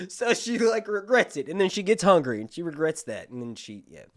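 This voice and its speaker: A man hosting a casual livestream with a lively voice that jumps up and down in pitch. He sits a little high for a man, chatting and swearing freely. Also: brisk, few pauses. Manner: animated, profane, chatty. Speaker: YouTube host.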